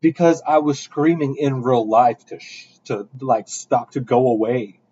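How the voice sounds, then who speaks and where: A young man telling a rambling story in casual podcast chat, with animated bursts. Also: medium pitch, measured pace, husky. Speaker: podcast host. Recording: dull lo-fi sound.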